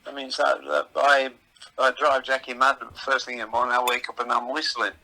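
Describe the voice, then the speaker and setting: An older man from England, a veteran comedian, telling rambling anecdotes in a relaxed chatty way. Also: mid-range voice, a little fast, creaky, low-quality recording. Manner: chatty, rambling anecdotes with playful voices in quotes.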